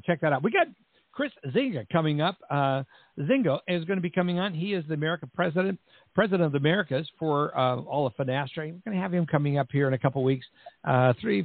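Chatty host with gravelly phone sound. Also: male voice, a little high, no room sound. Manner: chatty, rambling asides. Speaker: podcast host. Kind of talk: casual show opening. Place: Central Texas. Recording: tinny phone-line audio.

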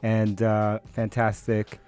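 A man co-hosting a podcast in casual chat, relaxed and teasing, using slang. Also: on the low side, slow, clean tone. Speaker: podcast co-host.

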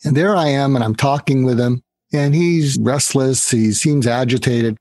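An older man with a husky, slightly rough voice tells his story in lively bursts and briefly acts out the people in it. The recording is dry and close, with no room sound. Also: mid-range voice, normal speed, no room sound. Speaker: guest, author. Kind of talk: storytelling interview answer.

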